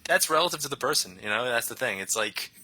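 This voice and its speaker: A man's voice: mid-range voice, animated, fast, pushed and bright, poor audio. A young man chatting casually and rambling, often laughing as he talks. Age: young adult. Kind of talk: casual conversation.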